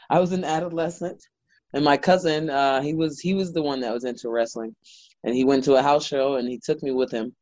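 A man's voice: medium pitch, a little fast, no room sound, muffled recording. A man, a wrestler guest, telling stories in a casual interview with lots of filler words. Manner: animated storyteller, lots of "like" fillers.

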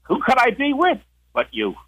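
A man's voice: very high voice, wildly swooping pitch, normal speed, a bit bright, rough recording. An older man, a guest on the show, telling a long story in a casual way, with many restarts and acted-out quotes.

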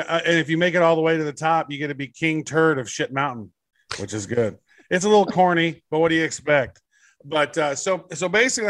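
A man's voice: a little high, fairly bright tone, no echo. Laid-back rambling man, crude jokes. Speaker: podcast co-host. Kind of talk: casual podcast chat.

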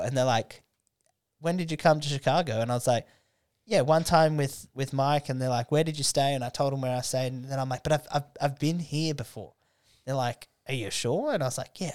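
A man's voice: mid-range voice, darkish tone, smooth. Swearing Australian man telling a story. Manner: laid-back storytelling, swearing, acting out the people he quotes. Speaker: guest storyteller. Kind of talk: casual drunken podcast chat.

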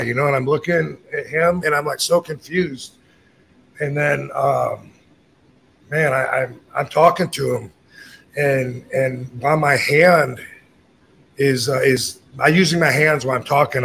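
Middle-aged male host, gravelly, slightly higher pitch, blunt casual storyteller. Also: fairly bright tone, a little hiss or hum. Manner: blunt, profane, acts out quoted lines. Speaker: podcast host telling a story.

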